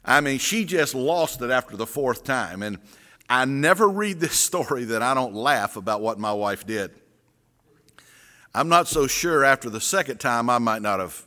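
A middle-aged man, a pastor telling a story and then reading scripture in a sermon, folksy and deliberate. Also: medium pitch, pushed and bright. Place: church sanctuary. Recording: reverberant sanctuary.

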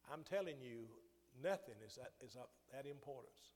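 A man's voice: mid-range voice, lively intonation, moderate pace, a little mellow. Older man, preacher, storytelling sermon, long hall echo. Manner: storytelling with restarts and swelling emphasis.

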